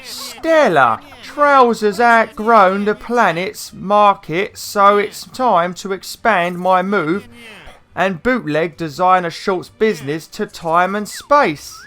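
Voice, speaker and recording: A bragging Cockney snake shopkeeper from a video game, pitched far above a normal speaking voice, as a man puts him on. He stretches every word into slow, showy sales patter. He sounds like a hustler pushing bargains on a customer. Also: pushed and bright, exaggerated voice. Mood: boastful salesman.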